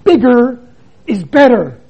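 An older man, a missionary preacher, giving a dramatic sermon that swings between loud emphasis and hushed drops. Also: very high-pitched, very animated, slow, slightly rough, highs cut off.

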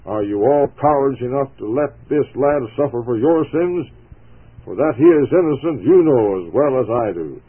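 A man's voice: medium pitch, a little slow, lightly acted. A man reading a stern army colonel over tinny radio. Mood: indignant. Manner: stern, formal commands. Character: stern military colonel, man, middle-aged, commanding. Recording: tinny phone-like radio broadcast.

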